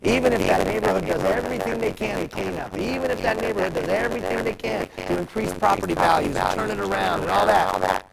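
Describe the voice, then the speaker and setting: A man giving a live motivational talk, telling stories in an animated way and putting questions to the audience. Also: high voice, fast, vocal fry, rough recording. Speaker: motivational speaker. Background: crowd.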